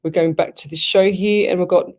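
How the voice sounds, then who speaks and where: A woman hosting a live radio show as a psychic medium, talking in a rambling way with pauses and restarted phrases. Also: fairly low pitch, steady tone, a little mellow.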